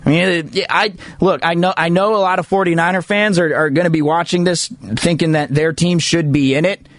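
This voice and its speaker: A man's voice: a little high, steady tone, a little fast, no room sound. A man hosting a sports talk segment, talking casually and emphatically with jokey asides. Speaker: sports radio host.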